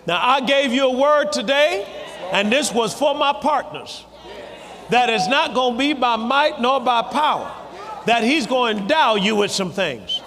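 A man preaching a sermon, shouting and drawing out his emphatic phrases. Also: very high voice, animated, a little slow. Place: large church hall. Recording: long reverb from a live congregation.

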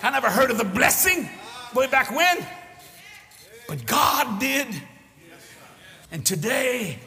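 An older man preaching a sermon, fervent and folksy, often shouting as he tells stories. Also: very high-pitched, big pitch swings, slow pace, creaky. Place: large church hall with congregation. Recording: echoey live hall recording with crowd and noise.

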